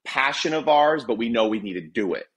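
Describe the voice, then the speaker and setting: A man's voice: mid-range voice, animated, fairly quick. A man hosting a casual podcast, asking long rambling questions and encouraging his guest. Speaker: podcast host.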